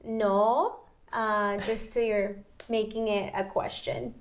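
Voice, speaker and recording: A woman's voice: mid-range voice, flat delivery, a little slow. A woman tutor giving patient, short explanations and affirming with frequent mm-hmms. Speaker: language tutor. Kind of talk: casual explanation.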